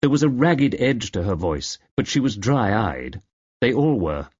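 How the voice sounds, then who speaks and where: A male audiobook narrator with a mid-range voice and a very lively, varied delivery that carries a wry edge. The recording is slightly dull and lo-fi. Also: fairly low pitch, unhurried, slightly rough, no room sound. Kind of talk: scripted narration.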